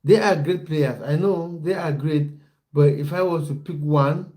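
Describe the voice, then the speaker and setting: A young man hosts a relaxed football livestream, talking to his viewers in a warm, mellow voice. He chats loosely, breaks off often and restarts his sentences, and reads out their comments as they arrive. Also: a little high, measured pace, long pauses. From based in the United Kingdom. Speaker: football coach and livestream host. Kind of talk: casual livestream chat with viewers.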